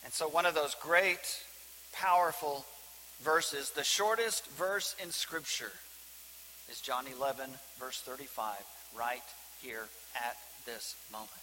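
A man preaching a sermon as pastor, swinging from loud emphasis to hushed, near-whispered lines. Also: mid-range voice, slow pace. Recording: reverberant hall with faint hiss.

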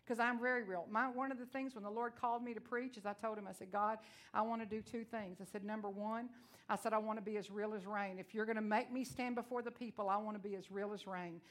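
A woman from Texas with a Texan accent, preaching a sermon in a loud, blunt, emotional and folksy way. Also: medium pitch, fairly even intonation, fast. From Texas, USA.

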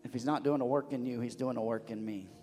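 A man's voice: medium pitch, fairly even intonation, fast talker, mellow, long reverb tail, soft background music. A man preaching as pastor of a church, fervent and repetitive, often restarting his words. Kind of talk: sermon. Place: church sanctuary.

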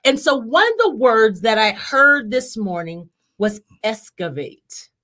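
A woman co-leading a live Bible teaching, talking conversationally with pauses and restarts. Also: fairly high pitch, big pitch swings, a bit bright. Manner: conversational, asks questions, hesitant.

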